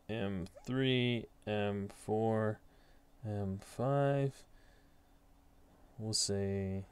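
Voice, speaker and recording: Slow, smooth-voiced man thinking aloud. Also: on the low side. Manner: relaxed, thinking aloud, reading dice results. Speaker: tabletop soccer sim host. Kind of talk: casual solo commentary.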